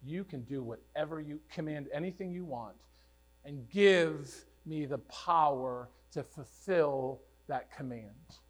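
Male pastor, sermon, earnest, loud declamation in quotes, slightly high pitch, faint hum. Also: slow pace.

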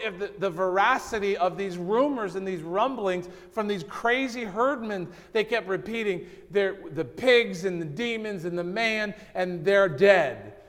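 A male pastor preaching a sermon, swinging between loud, emphatic passages and hushed, slowed-down lines. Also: sits high. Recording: long hall reverb.

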